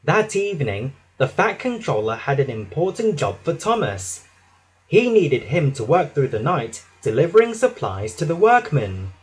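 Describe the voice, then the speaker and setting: A man narrating a children's storybook with an expressive, dramatic reading. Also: fairly high pitch, normal speed, husky.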